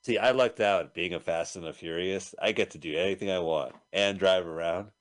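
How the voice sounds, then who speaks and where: A man's voice: low voice, normal speed. A man co-hosting a show, making sarcastic jokes while watching a movie. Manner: joking, sarcastic asides. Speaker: co-host. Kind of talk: casual movie riffing chat.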